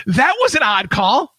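Sarcastic guy hosting a show from home, really high bright voice, jumps around a lot, dry close mic. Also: no room sound. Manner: sarcastic, laughing, playful. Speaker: host. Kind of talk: casual online talk show. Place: home studio. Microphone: studio mic.

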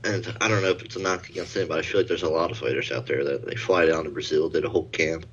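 A man's voice: extremely low pitch, steady tone, fast, muffled recording, a little hiss or hum. A man co-hosting a casual sports podcast, rambling and hedging his points. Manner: rambling, hedging, many "like" and "I feel like". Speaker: podcast co-host.

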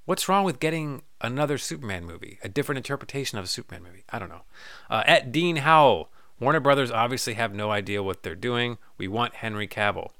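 Casting: male podcast host, solo rant, bright clear tone, dry close sound. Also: mid-range voice, animated, quick pace, no echo. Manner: loose, profane, joking, breaks into goofy voices. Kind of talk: solo podcast rant, reading listener messages.

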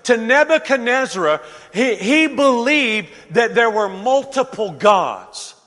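A man preaching a sermon, reading scripture aloud and explaining it with animated asides that build to shouts. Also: extremely high pitch, slow. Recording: long hall reverb.

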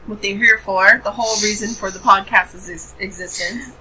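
A woman's voice: mid-range voice, fairly even intonation, moderate pace, pushed and bright, poor audio. A woman hosting a casual podcast, playful and teasing, stretching words out for emphasis. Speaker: podcast host.

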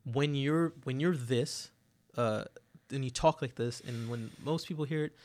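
A man talking in a casual podcast chat, emphatic and animated, who keeps checking in with "right?". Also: mid-range voice, measured pace. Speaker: podcast host.

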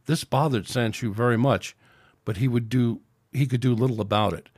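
A man reads his own story aloud as podcast host, in an ordinary middle voice. His delivery is steady and plain, with small slips. The sound is dry and close. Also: medium pitch, normal speed, breathy edge, no room sound. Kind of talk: reading fiction aloud.

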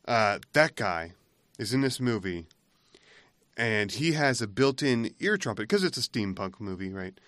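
A man's voice: fairly low pitch, very animated, unhurried, fairly bright tone, no room sound. A man co-hosting a podcast, chatting casually and rambling as he laughs through his retelling. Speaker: podcast co-host. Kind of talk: casual chat.

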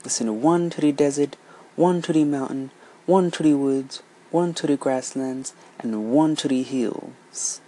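A reader voicing a stern, scolding old elephant in an inflected storybook telling, speaking slowly and loudly. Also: mid-range voice, lively intonation, breathy edge, full character voice, low-quality recording. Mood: commanding.

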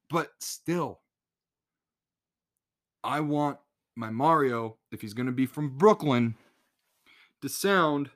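A man hosting a podcast in a casual solo rant, blunt and full of swearing. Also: medium pitch. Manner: profane, blunt, exasperated. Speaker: podcast host.

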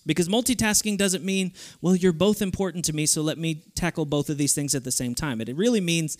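A young man delivers a sermon to a youth group in a lively, playful way. His voice sits a little high for a man. His delivery is animated and casual. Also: brisk. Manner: lively, playful, switches into goofy voices for stories. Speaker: youth speaker.

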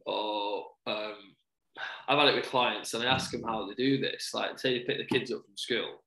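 A man's voice: lowish voice, fairly even intonation, moderate pace, sharp tone, echoey room, rough recording. A man chatting casually about parenting, laughing often and acting out what people said. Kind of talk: casual chat.

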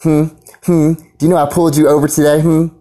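A man's voice: a little high, level tone, a little fast, mellow, voice pushed up, lightly acted. A man putting on the voice of a bossy, condescending male traffic cop, barking orders.

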